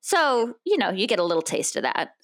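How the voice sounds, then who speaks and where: A woman's voice: medium pitch, very animated, brisk, fairly bright tone. A woman with an American accent, chatting as an interview guest and often breaking off to restart her sentences. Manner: chatty, many restarts and laughs. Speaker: actress guest. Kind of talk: casual interview chat.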